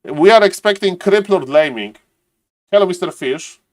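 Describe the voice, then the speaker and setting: A man's voice: high voice, animated, moderate pace, no echo. Chatty male streamer, dry close sound. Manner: chatty, greets chat viewers by name, thinks aloud. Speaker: streamer and caster. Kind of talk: casual live-stream chat.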